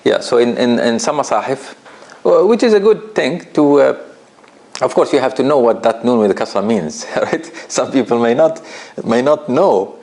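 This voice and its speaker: A man teaching a recitation class in a relaxed, conversational way, often checking understanding with "right?" and putting questions straight to his students. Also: medium pitch, moderate pace, vocal fry. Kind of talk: classroom lesson.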